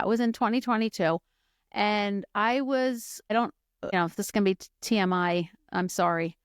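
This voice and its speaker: A woman's voice: medium pitch, clean tone, no echo, studio quality. A middle-aged woman hosting a podcast, telling her personal story in a candid, chatty way full of fillers and asides. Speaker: podcast host.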